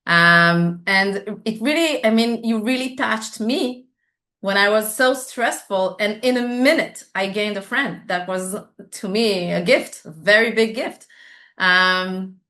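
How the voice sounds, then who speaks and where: Woman, israeli accent, podcast host, warm, halting, mid pitch. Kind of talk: interview chat.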